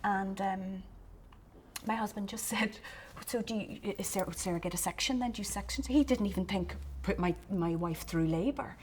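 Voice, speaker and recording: A young Irish woman in a documentary interview, recounting events in a lively way and quoting what others said. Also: medium pitch, moderate pace, a little hiss or hum. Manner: animated storytelling, quoting others.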